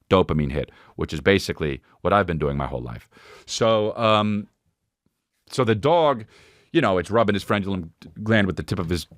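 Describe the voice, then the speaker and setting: A man hosting a podcast, telling a crude comic story in an animated way and slipping into goofy voices. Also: lowish voice, no room sound, clean studio sound. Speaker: podcast host. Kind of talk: comedic storytelling monologue.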